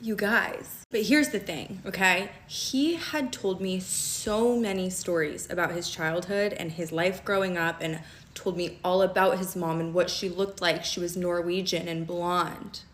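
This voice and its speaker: Young woman spilling a story vlog style, lowish voice, lots of like and okay, talks fast, bit of room echo. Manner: animated, fast and conversational, heavy use of "like" and "okay?". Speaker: storyteller recounting a relationship.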